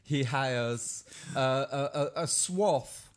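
A man's voice: medium pitch, extremely slow. A man hosts a laid-back movie review chat. His talk is jokey, loose and full of puns, and he laughs often with his co-host. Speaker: podcast host.

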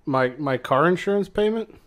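A man streaming a video game who comments excitedly and swears at rare loot. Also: fairly high pitch, normal speed. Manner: excitable, swears often, shouts in surprise. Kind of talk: gameplay commentary.

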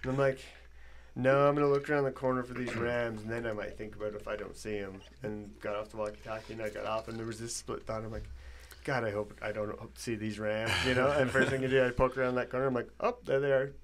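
A man recounts a grueling hunt in easy podcast talk. His voice often sinks low and soft, with casual swearing and laughs. A faint hiss runs under the recording. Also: flat delivery, fast. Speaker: podcast guest, bowhunter. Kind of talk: casual storytelling.

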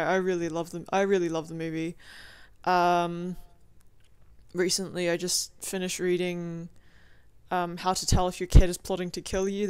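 Rambling young woman with a smooth voice. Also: on the low side, a little mellow, dry recording. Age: young adult. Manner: rambling, profane, filler-heavy with lots of "like". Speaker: vlogger. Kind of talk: casual video diary.

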